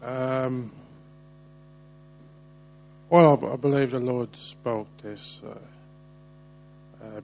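Slow, flat-voiced, hesitant man. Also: medium pitch, faint music behind, poor audio. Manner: hesitant, with many ums and uhs. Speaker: workshop participant sharing his journaling.

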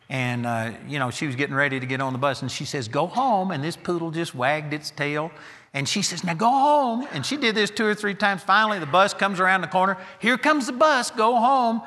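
A man's voice: medium pitch, bright, forceful tone, big-room sound. A man preaching a sermon, emphatic and insistent, hammering his points with repeated declarations.

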